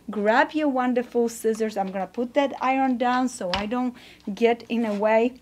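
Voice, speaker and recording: A woman teaching a quilting demonstration, gushing and encouraging, often exclaiming how wonderful each step is. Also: fairly high pitch. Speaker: quilting teacher and show host. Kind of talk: instructional demonstration.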